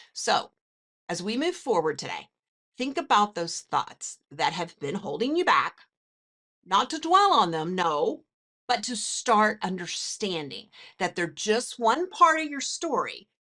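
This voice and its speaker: Woman, podcast host, counselor, motivational self-help talk, earnest, direct, animated pitch. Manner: earnest, direct, addresses listener.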